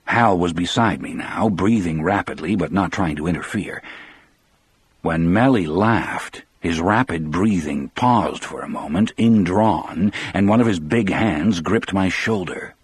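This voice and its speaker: A man narrating an audiobook in a measured, grave storytelling manner. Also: low-pitched, husky, no echo. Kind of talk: scripted narration.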